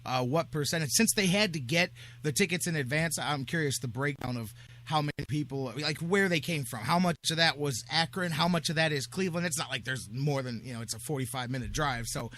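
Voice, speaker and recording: A man hosting a sports talk radio show, chatting casually and joking with quick asides. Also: a little high, sharp tone.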